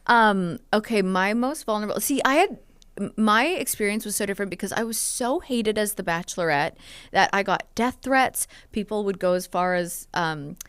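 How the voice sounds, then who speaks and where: A woman's voice: mid-range voice, animated, moderate pace, a bit bright, smooth, no room sound. A woman in her thirties, a podcast guest, chatting openly and telling personal stories with many "like"s and "um"s. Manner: open, storytelling, lots of "like" and "um". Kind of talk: casual podcast chat.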